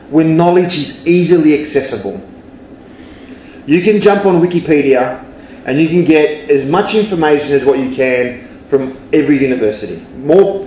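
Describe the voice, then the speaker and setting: A man's voice: fairly high pitch, darkish tone, a little hiss or hum. A man, a university educator, telling a story in a lecture and often checking in with the audience. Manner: conversational, keeps checking in with "yeah?" and "right?". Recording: roomy, slightly dull lo-fi sound.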